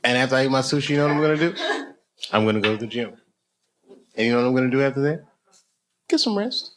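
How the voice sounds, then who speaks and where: A man's voice: mid-range voice, lively intonation, fast talker. A man in his fifties doing loose stand-up, chatting and teasing the crowd in a comedy club. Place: comedy club, audience laughing. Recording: noisy club recording.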